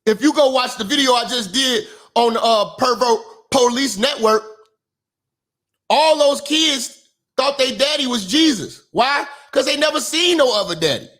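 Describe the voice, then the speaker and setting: A man with a very high, bright, forceful voice delivers a profane commentary monologue. He preaches with emphasis and often pushes up into shouts to drive his points home. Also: expressive, unhurried. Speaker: online commentator and minister.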